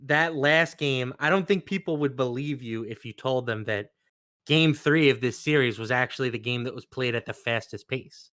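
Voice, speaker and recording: A man working as a sports betting analyst, walking through trends and numbers in casual, measured talk. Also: mid-range voice, a bit bright, no room sound, studio quality. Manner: measured, stat-driven explanations.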